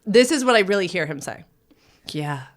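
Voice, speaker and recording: A woman's voice: mid-range voice, quick pace, noisy background. Laughing woman telling a story. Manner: storytelling, laughing often, animated. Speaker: podcast host, sexuality educator. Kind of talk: casual podcast chat.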